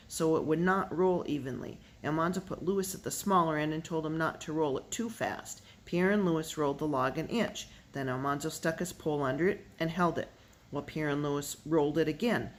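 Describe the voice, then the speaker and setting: An audiobook reader narrating a children's novel in a middle-pitched voice. The narration stays steady and even, and the voice lifts for the characters' lines. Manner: steady narration, lifting the voice for dialogue. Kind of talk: reading a children's novel aloud.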